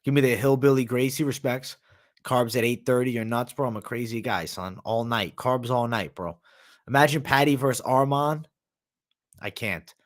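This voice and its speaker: A man's voice: mid-range voice, normal speed. A man hosting a live MMA stream, reading viewer comments aloud and talking loosely with slang and swearing, sometimes with his mouth full. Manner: talks while eating. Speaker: MMA analyst and livestream host. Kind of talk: casual livestream chat.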